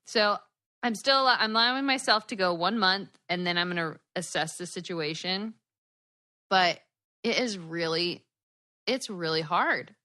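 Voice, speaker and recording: A woman co-hosting a podcast in casual chat over a video call, a tired new mother talking in a bubbly, animated way with lots of laughter. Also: lowish voice, unhurried. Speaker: podcast co-host. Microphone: headphones on a video call.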